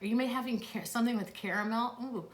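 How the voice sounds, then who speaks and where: Talking fast in a slightly high voice, a middle-aged psychic host answers questions on a live stream. She's chatty and gushing, gasping and laughing often, and her phone or tablet picks her up in an echoey room.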